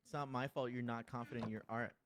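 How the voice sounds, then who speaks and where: A man's voice: medium pitch, steady tone, quick pace, background noise. A man streaming a game, chatting casually, teasing his friends and laughing often. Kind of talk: casual chat while gaming.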